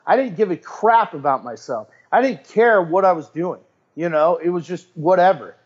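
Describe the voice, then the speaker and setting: High-voiced, animated man, dull sound. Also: normal speed, breathy edge. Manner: animated, rambling, repeats words and quotes others. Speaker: podcast guest and fitness coach. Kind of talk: casual interview chat.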